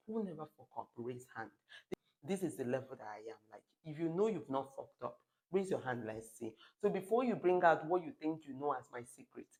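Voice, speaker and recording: A woman's voice: very deep voice, low-quality recording. A woman in her thirties talking straight to camera in a casual vlog, blunt and emphatic, swearing freely. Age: 30s. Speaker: vlogger. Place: lives in Spain.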